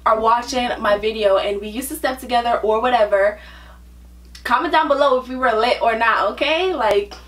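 A woman's voice: fairly high pitch, moderate pace. A young woman in her twenties, vlogging casually and getting hyped as she reacts. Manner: excitable, hyped, slangy. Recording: distant voice over loud music and crowd.

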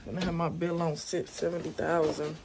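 A young vlogger at home speaks to her camera on a stand, chatting casually with viewers in a low, slightly mellow voice. Her delivery is a little fast, with little pitch movement.

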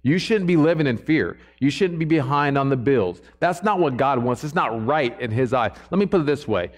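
A man's voice: mid-range voice, expressive, normal speed. A man preaching a sermon to a church congregation in a conversational way, often checking in with the listeners.

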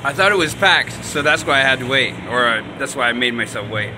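A man's voice: medium pitch, animated. A man chatting casually into his phone for a vlog, rambling and restarting his sentences often. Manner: rambling, halting with many restarts. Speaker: vlogger. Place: outdoors at an urban bus stop. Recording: street traffic noise. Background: traffic noise.

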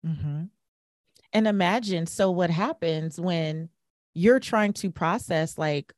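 A middle-aged woman hosting a podcast interview, talking emphatically with quick restarts and asides. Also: on the low side, darkish tone, no room sound, clean studio sound. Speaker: podcast host. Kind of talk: conversational interview.

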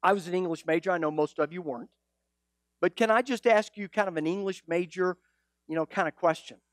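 A male pastor preaching a sermon, animated and teasing, full of rhetorical questions. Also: sits high, a little fast, no room sound, clean studio sound.

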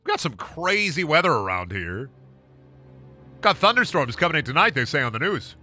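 A man doing a tired middle-aged office worker, droning through water-cooler small talk in a low, mumbling voice. He hesitates with uhs and sighs, sounding worn down by the job. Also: sing-song, moderate pace, bright, forceful tone, soft background music, heavily acted. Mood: weary small talk. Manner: low, mumbling, weary chit-chat full of hesitations.

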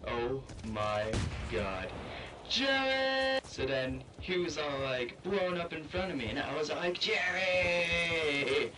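A young man rambles through a comic inner monologue, jumpy and foul-mouthed, flipping quickly into panic. He sits back from the mic, and a heavy wash of loud game noise and rumbling vehicles nearly swallows his voice. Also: far from the mic. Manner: excitable, profane and panicky. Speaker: machinima narrator.

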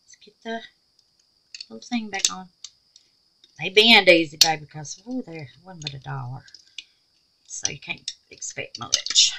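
A woman with a lowish voice and vocal fry hosts a chatty home craft tutorial, taking her time and leaving long pauses. She's animated and full of exclamations, fondly calling viewers babies, though the recording is very noisy.

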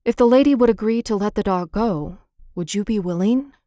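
A woman's voice: medium pitch, brisk, mellow, no room sound, studio quality, close to an everyday voice. A woman voicing an earnest, protective older boy in a storybook reading. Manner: earnest, timid but determined.

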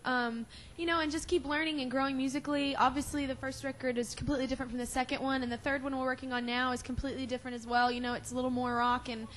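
A woman's voice: high-pitched, fairly bright tone. A young woman answering press questions backstage, emotional and crying, laughing often and rambling with fillers. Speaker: award-winning singer at press conference.

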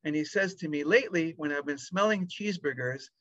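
A man in his fifties, a pediatric lung doctor, telling a story with lively acted-out dialogue. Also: fairly high pitch, a little fast, no echo. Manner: animated storyteller acting out dialogue. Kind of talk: storytelling talk. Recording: dry, dull lo-fi sound.

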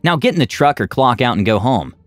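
A man's voice: mid-range voice, sing-song, fairly quick, no room sound, natural voice. A man voicing a blustering, bullying male trucking boss who curses and threatens. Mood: angry. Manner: gruff, cursing, threatening.

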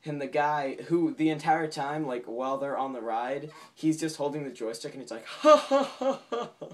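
Man vlogger recapping a cartoon episode, casual, rambling, with frequent fillers and laughs. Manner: laughs often, acts out quotes in a high voice. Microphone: home camera mic.

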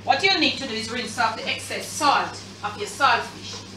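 In her home kitchen, a Jamaican-accented woman demonstrates a recipe casually, chatting with viewers emphatically. Her animated, higher voice moves at a moderate pace amid background noise, sounding roomy and far from the mic.

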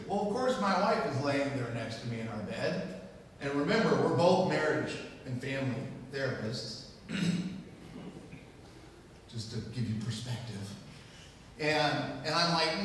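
A man's voice: medium pitch, measured pace, a bit bright, slight background noise. Humorous man preaching in an echoing hall. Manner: humorous, self-mocking storytelling. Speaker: guest speaker. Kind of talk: sermon storytelling. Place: church sanctuary. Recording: echoey hall, distant mic.

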